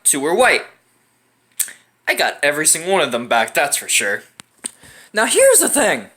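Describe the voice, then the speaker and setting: Animated, bright-voiced young woman telling stories. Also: medium pitch. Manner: animated, profane, laughing often. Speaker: storytime channel host. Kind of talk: casual storytelling.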